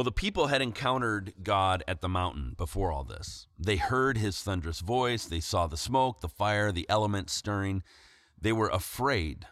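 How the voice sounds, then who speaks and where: A man preacher reading scripture aloud in a measured way, then explaining it in a sermon. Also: low voice, fairly bright tone, no echo, clean studio sound.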